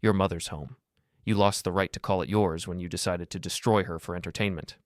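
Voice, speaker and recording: A betrayed middle-aged father, furious and icy, hurling cutting accusations in a deep voice, as a male narrator puts him on. The sound is close and dry. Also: steady tone, fairly quick, dry recording, close to an everyday voice. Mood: cold.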